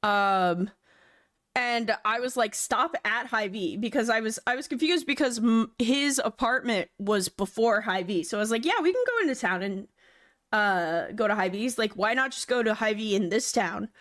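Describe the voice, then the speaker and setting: A woman's voice: fairly high pitch, normal speed, a bit bright. A young woman live-streaming, chatting loosely with her viewers, rambling and swearing casually into a desk mic.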